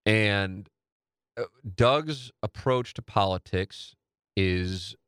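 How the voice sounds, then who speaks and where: A man's voice: fairly low pitch, drawn-out words, fairly bright tone, clean tone, no echo, clean studio sound. A man hosting his own podcast in a casual monologue, rambling candidly with restarts and casual swearing. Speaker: podcast host and radio host.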